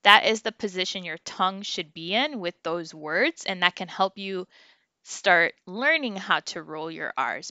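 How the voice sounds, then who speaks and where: Bright, slow-drilling woman teacher. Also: fairly low pitch, expressive, no room sound, muffled recording. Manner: slow, clear drilling of syllables for learners to repeat. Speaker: Spanish teacher. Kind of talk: online language lesson.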